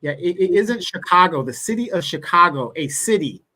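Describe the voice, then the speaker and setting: A man's voice: high-pitched, expressive, moderate pace, bright, forceful tone. A man speaking as a guest on a live online talk show, emphatic and building his points through repetition. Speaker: guest commentator. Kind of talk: casual political talk.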